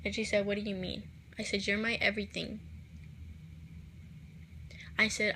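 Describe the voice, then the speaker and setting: A vlogger tells a personal story to the camera, reading out quoted text messages. Her medium-pitched voice is soft, halting and flat, sometimes sinking almost to a whisper, with slight background noise.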